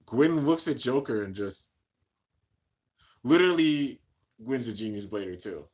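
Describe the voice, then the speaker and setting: A man's voice: mid-range voice, lively intonation, a little slow. Hyped young man calling anime battles. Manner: hyped, shouts at big moments, slangy. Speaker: anime reaction commentator. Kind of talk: excited casual play-by-play commentary.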